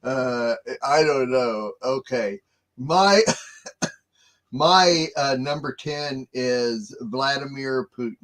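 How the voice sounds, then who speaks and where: A middle-aged man co-hosts a relaxed chat show. He talks very slowly, in a halting way full of fillers. He often breaks into soft chuckles. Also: medium pitch. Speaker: co-host. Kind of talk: casual chat.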